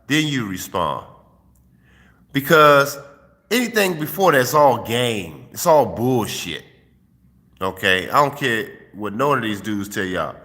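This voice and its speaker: Profane streetwise man preaching, bright voice. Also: mid-range voice, very animated, slow pace, pauses often, in a large hall. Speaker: host giving dating advice. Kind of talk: casual vlog monologue. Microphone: phone held while filming.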